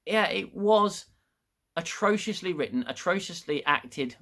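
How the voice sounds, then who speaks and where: Bright-voiced man ranting a review. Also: high-pitched, expressive, unhurried. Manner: rambling, frustrated, frequent restarts and swearing. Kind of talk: casual review monologue.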